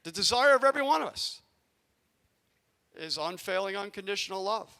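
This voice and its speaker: A man who coaches youth sports, telling a coaching story to a community audience and acting out his own yelling from the sidelines. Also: high voice, fairly quick, vocal fry. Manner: animated, acts out yelling in his stories. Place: arena event space.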